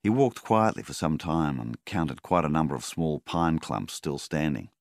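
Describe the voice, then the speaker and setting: A man reads a story aloud in a measured, unhurried way. His voice is very deep and gravelly. The recording is dry and close. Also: expressive, no room sound. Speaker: narrator. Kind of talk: audiobook narration.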